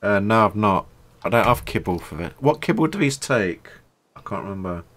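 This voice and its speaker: Man, from Britain, low voice, casual streamer answering chat questions. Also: lively intonation, a bit bright. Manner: chatty, answers viewers' questions between pauses. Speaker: game streamer. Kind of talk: live gameplay stream, reading chat.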